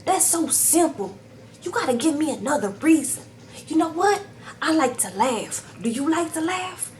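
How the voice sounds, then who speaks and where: A woman's voice: high-pitched, lively intonation, normal speed, a little mellow, a little hiss or hum, pitched above the performer's own voice. A woman imitating a worked-up young man who fires off pushy rhetorical questions. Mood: exasperated.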